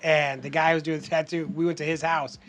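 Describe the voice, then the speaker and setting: Bright animated man telling stories. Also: fairly high pitch, quick pace, a little hiss or hum. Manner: animated storyteller, swears freely, acts out quotes. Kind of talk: casual storytelling chat.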